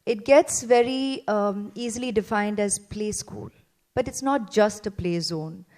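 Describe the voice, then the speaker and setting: A woman in her forties from India, a parent giving a heartfelt testimonial speech to a seated audience, earnest and gentle, with many fillers and repeated phrases. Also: mid-range voice, unhurried. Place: event venue before a seated audience.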